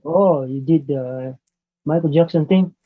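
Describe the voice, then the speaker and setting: A man from Tanzania, a debate guest on a call, halting and searching for words, teasing at times. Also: on the high side. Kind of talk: casual live debate over a call. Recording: tinny phone-like call line.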